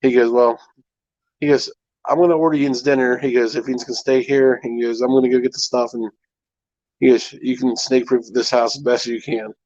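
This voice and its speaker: A man telling stories on a relaxed live stream, stringing them together with "I'm like" and "he goes." His voice sits at a middling pitch. The sound is dry and a bit dull, like lo-fi stream audio. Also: fairly quick, no echo. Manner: rambling storyteller, fillers like "I'm like". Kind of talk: casual chat.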